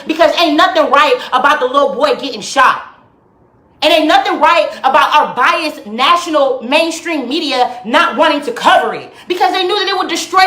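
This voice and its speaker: A woman ranting heatedly and emphatically to her viewers on a live stream from home, her voice swinging widely in pitch. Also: sharp tone, reverberant. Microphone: phone or webcam live stream.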